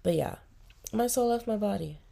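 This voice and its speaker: A woman's voice: medium pitch, normal speed, gravelly, warm tone. A young woman hosting her own casual video podcast while sick, rambling and giggly, with lots of "like". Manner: giggly, rambling storytelling full of "like". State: sick with a cough. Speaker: podcast host.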